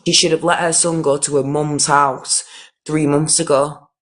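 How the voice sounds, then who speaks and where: Indignant man, flat voice. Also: fairly high pitch, moderate pace. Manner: indignant, emphatic, repetitive restarts. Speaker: live stream host. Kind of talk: live-stream commentary.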